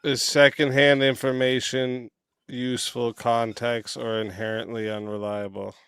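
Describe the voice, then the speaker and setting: A man moderates a live-streamed debate, reading each prompt in an even, measured way. His voice is smooth and clear. The sound is dry and close. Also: mid-range voice, dry recording. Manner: reads prompts evenly, then hypes chat.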